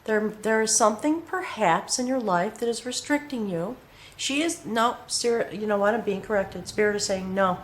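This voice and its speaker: A woman at a mid pitch gives a heartfelt tarot reading indoors. She speaks to the viewer directly and earnestly, often pausing to check in with a quick "okay?". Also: slight background noise. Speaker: tarot reader. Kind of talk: intimate spiritual tarot reading to camera.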